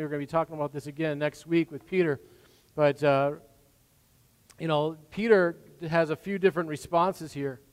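A man preaching a sermon as pastor, swinging from hushed, gentle passages to loud, emphatic lines. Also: fairly high pitch. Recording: long hall reverb.

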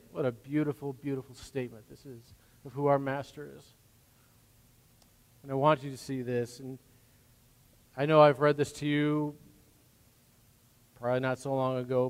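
Preaching man in a reverberant hall. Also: mid-range voice. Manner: swings from hushed to loud emphatic preaching. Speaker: pastor. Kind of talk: sermon.

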